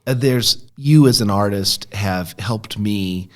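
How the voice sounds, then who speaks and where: A man from rural Indiana hosting an interview, asking thoughtful, measured questions in casual conversation. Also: on the low side. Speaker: podcast host.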